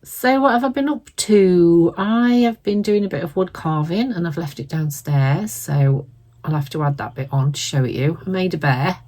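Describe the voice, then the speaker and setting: A middle-aged woman with a slightly low voice, croaky and hoarse from a lingering cold. She chats in a rambling, self-deprecating way, clearing her throat now and then as she works on a craft project at home. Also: moderate pace, mellow. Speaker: crafting channel host. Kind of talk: casual chat while crafting.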